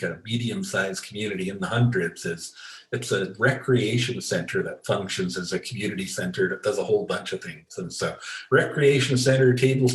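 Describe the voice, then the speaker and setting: A man being interviewed as an expert, telling stories in a relaxed way and acting out the voices of the people in them. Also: lowish voice, roomy sound, low-quality recording. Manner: storytelling, acts out quoted voices, many restarts. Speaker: guest expert. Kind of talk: conversational interview storytelling.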